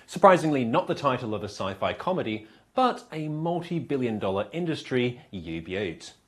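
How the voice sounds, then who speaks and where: Male comedy host, English-sounding accent, wry punchy monologue, very animated pitch. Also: moderate pace. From Australia. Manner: wry, punchy delivery with frequent laughs at own jokes.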